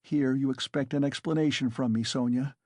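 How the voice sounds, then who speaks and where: A man's voice: medium pitch, fairly even intonation, a little fast, a little mellow, no echo, studio quality, natural voice. A man voicing a tormented, bitter young male student in an audiobook, pleading in anguish. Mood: despairing. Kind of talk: audiobook character reading.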